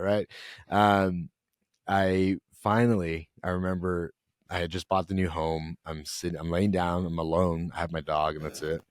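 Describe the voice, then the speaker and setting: A young man, a podcast guest, telling an emotional personal story in an earnest, halting way. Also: low-pitched, fairly even intonation, clean tone, dry recording, clean studio sound. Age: young adult.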